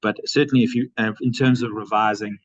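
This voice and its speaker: A man's voice: fairly low pitch, steady tone, a little fast, dry recording. Male seminar chair, hesitant with many fillers, dry dull lo-fi audio. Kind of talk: academic seminar discussion.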